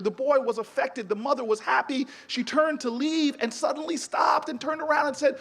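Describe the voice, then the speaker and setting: High-voiced man giving an inspirational speech. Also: fairly even intonation, fairly quick, hardly any pauses, a bit bright. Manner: storytelling, emphatic, with stumbling repeats. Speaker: commencement speaker.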